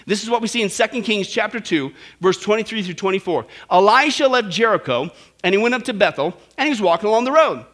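Man, pastor, sermon, high voice, bright tone, joking asides, emphatic. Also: lively intonation, quick pace. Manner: jokey, emphatic, rises to loud exhortations.

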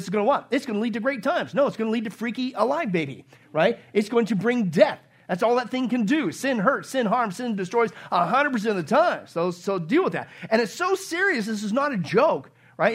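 A man preaching a sermon in a church, emphatic and full of rhetorical questions and joking asides. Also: sits high. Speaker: pastor.

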